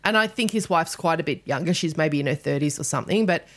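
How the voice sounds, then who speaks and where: A woman's voice: low-pitched, expressive, fast talker, a bit bright. An Australian woman hosting a podcast, telling stories animatedly with laughter and some swearing. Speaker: podcast host. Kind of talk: casual chat.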